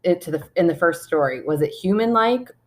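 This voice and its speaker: Animated woman podcaster telling stories. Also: lowish voice, a little fast. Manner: animated storyteller, reads listener emails. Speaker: podcast co-host, believer. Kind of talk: casual podcast chat.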